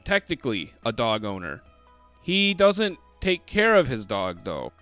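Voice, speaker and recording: A man co-hosting a casual podcast, telling a profane, animated story and throwing in mocking impressions. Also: mid-range voice, measured pace, no echo, soft background music. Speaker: podcast co-host. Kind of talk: casual trash-talk chat.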